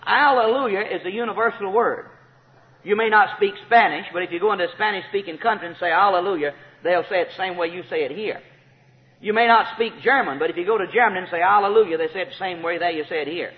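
A man preaching a sermon, emphatic and repetitive, rising to shouted praise. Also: high voice, quick pace. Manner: emphatic, repeats key phrases, rises to shouts of praise. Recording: tinny phone-like sound with long hall reverb.

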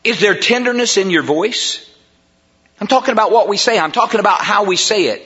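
A middle-aged male pastor preaches with a high, bright, ringing voice. He swings from hushed passages to loud, emphatic stretches and stacks up repeated rhetorical questions. The recording sounds dull and lo-fi. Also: brisk. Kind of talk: sermon.

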